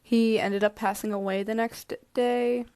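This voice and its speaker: Deadpan young woman telling a story. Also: on the high side, measured pace, clean tone, no room sound, studio quality. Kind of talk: storytelling video.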